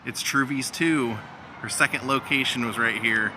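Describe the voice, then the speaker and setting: A man's voice: medium pitch, moderate pace, very noisy. A man giving a casual tour of film locations outdoors, chatting and laughing as he retells scenes. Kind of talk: casual vlog narration.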